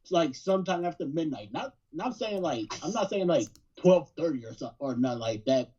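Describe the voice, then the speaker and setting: A man's voice: on the high side, expressive, fairly quick, warm tone, highs cut off, slight background noise. A man on a casual podcast panel who rambles, hedges and restarts often. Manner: rambling, hedging, many restarts.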